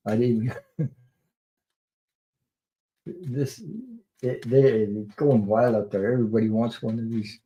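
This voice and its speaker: Middle-aged guy doing a tarot livestream, rambly and laughy, mellow low-key voice, curses here and there. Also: steady tone, slow pace, long pauses, poor audio. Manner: rambling, laughs often, swears casually. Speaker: tarot reader and livestream host. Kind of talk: casual livestream chat.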